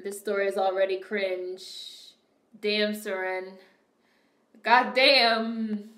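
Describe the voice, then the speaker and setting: A young woman streaming and chatting casually with her viewers, telling animated stories full of swearing. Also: medium pitch, takes it slowly. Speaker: streamer reacting to a movie and reading chat. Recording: echoey room.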